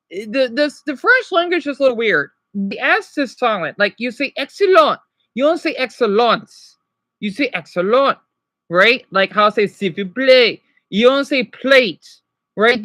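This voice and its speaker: A man's voice: very high voice, pushed and bright, dry recording, clean studio sound. A man casually teaching French words on a livestream, rambling and correcting himself while answering chat.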